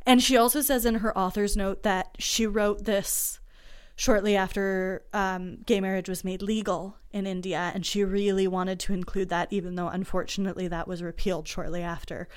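A woman with a smooth, clear voice talks through a book she loved in a relaxed chat. She is enthusiastic and emotional, and her pitch sits in the middle of the range. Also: moderate pace. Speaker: podcast co-host. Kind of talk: casual book discussion.

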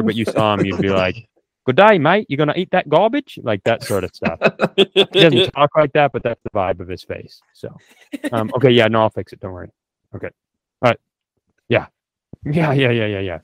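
A man's voice: fairly low pitch, lively intonation, moderate pace, dry recording. A man on a podcast doing improvised comedy banter, profane and full of mock threats. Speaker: podcast co-host.

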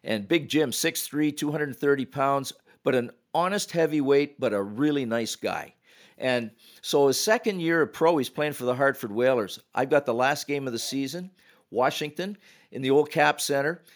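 Older guy, retired ref, telling stories on a podcast, gets loud doing the quotes. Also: medium pitch, normal speed. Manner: animated anecdotes, acts out quotes with raised voice. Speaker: retired hockey referee, guest. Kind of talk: casual storytelling.

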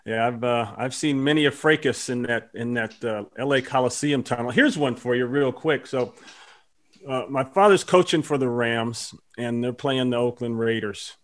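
A man's voice: medium pitch, normal speed. A man hosting a casual sports chat, telling stories with lots of fillers. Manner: animated storyteller with lots of fillers. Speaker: podcast host.

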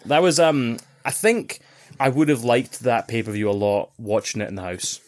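A man talks in a casual podcast chat. He tells stories with animated energy, swears freely and mimics the shouts of people around him. His pitch sits in an ordinary middle range. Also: moderate pace. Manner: animated storytelling, heavy swearing, acts out others' shouts. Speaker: podcast co-host.

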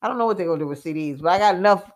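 A woman, co-hosting a casual chat and telling stories in an animated way, with fillers and laughs. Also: lowish voice, rapid-fire. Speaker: co-host.

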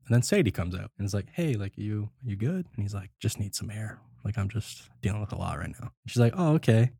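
A man hosting a casual podcast, retelling a film scene by scene and acting out the characters' lines in quick bursts. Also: lowish voice, expressive, gravelly, dark tone, slightly rough, no room sound, clean studio sound. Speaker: podcast host recapping a film. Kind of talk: casual chat.

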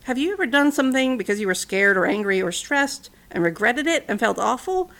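A woman in her thirties, a podcast host narrating a storybook in an earnest, gentle way. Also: on the high side, very animated, fairly quick. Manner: earnest, gentle, conversational asides.

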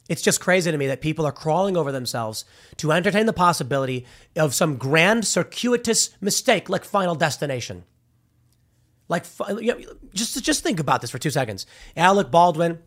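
A man with a slightly high-pitched voice talks in casual opinion commentary. He is animated and argumentative, and he keeps dropping slang as he makes his case. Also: a little fast.

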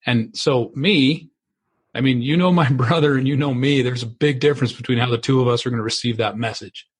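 A man with a slightly husky voice talks on a podcast. His speech is halting and full of restarts. He sounds choked up, even at mid pitch. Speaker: podcast co-host. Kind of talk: casual podcast conversation.

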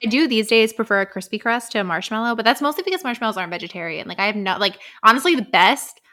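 A woman co-hosting a casual book podcast, chatting wryly with quick, joking asides. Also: on the high side, lively intonation, pushed and bright. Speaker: podcast co-host. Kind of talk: casual book-club chat.

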